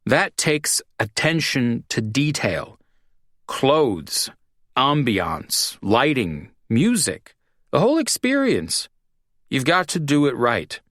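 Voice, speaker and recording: A man's voice: medium pitch, wildly swooping pitch, slow, a bit bright, no room sound, clean studio sound, voice pushed up, full character voice. A man reading an audiobook, voicing a drunk, self-pitying young bartender who mumbles and slurs. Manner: slurred, mumbling. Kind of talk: audiobook character voice.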